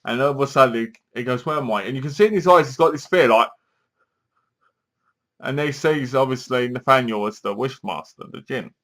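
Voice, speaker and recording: A man's voice: mid-range voice, fairly quick, a bit bright. A man giving a casual, rambling film review and acting out the characters' lines as he retells the plot.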